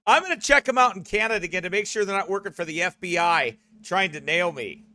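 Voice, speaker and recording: Male broadcast host with a somewhat high, forceful voice and a dry, close sound. He rambles and keeps asking "okay?". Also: animated, quick pace, no echo. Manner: rambling, repeats "okay?" and "right?"; laughs often while talking.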